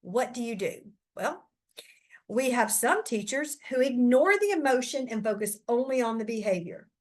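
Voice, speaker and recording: Woman teacher trainer, kinda high voice, chatty and lively, talking straight at you. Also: normal speed. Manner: animated, chatty, addresses listeners directly. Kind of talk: recorded lesson talk.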